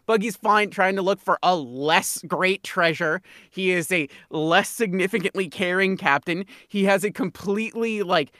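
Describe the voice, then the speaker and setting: A woman's voice: lowish voice, normal speed, few pauses, a bit bright, no room sound, clean studio sound. Emphatic woman co-host, casual chat. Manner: emphatic, repeats herself to make a point. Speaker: podcast co-host.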